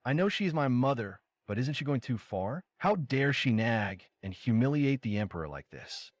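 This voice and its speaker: A foolish young emperor, played by a man, complains and bristles at every order. His pitch swings a lot from line to line. It sounds like a story recap read by one voice. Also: sing-song, moderate pace, no echo. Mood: indignant.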